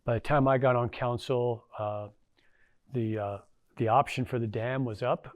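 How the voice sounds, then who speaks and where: A man's voice: mid-range voice, fairly even intonation, moderate pace, no room sound. A middle-aged man, a former tribal council member, giving a casual storytelling talk to an audience, folksy and anecdotal with lots of fillers.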